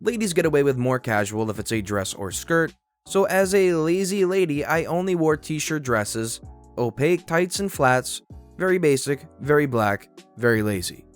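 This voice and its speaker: Male storyteller, fairly high voice, lively sarcastic read of internet stories over faint music. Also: moderate pace. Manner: animated, sarcastic commentary between stories. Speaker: narrator. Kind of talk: reading reddit stories aloud.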